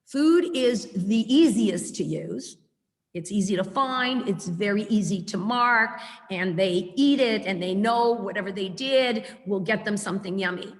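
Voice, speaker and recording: A woman giving a chatty, animated webinar lecture as a dog trainer over a video call. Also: medium pitch, measured pace, in a large hall.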